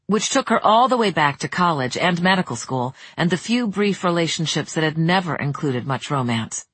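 An audiobook narrator reading a romance in a measured, even way, close to the mic. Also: medium pitch, husky, no echo. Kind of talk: scripted narration.

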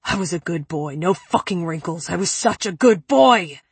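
A woman doing a tormented young man, hoarse and raspy from screaming, swearing and breaking down in a storybook reading. The voice is husky and sits close and dry to the mic. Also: sits low, fairly even intonation, moderate pace, no echo. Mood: anguished rage. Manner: yelling, anguished, swearing. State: raspy from yelling.

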